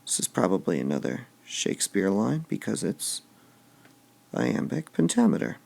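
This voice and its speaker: Male teacher, gravelly and unhurried, lively pitch, punches the stressed syllables. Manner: slow, deliberate, stressing syllables aloud. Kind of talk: classroom lecture on poetic meter.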